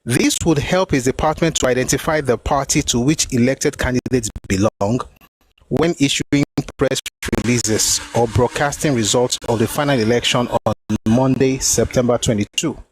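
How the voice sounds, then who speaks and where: A man's voice: medium pitch, normal speed, slight background noise, poor audio. A man hosting a talk show, reading from a book and explaining each point with emphatic repetition. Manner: emphatic, repeats phrases to drive points home. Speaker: host.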